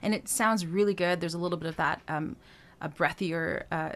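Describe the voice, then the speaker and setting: A woman vocal coach explaining singing technique, talking through each point with filler sounds and quick checks with the listener. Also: lowish voice, fairly even intonation. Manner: talks through points with frequent "um" and checks of "right?".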